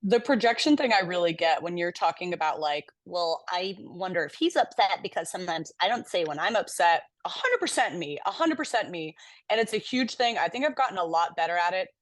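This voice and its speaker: A woman's voice: on the low side, lively intonation, fairly quick, no echo. Candid young woman co-host, dry sound. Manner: candid and reflective, swears casually. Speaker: podcast co-host. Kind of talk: casual chat.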